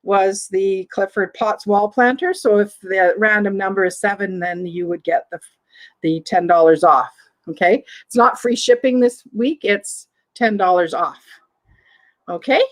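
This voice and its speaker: A woman with a Southern American accent hosts a live online vintage sale, chatting away and reading viewer comments aloud between item descriptions. Her voice is mid-range and her pace measured, though the recording quality is low.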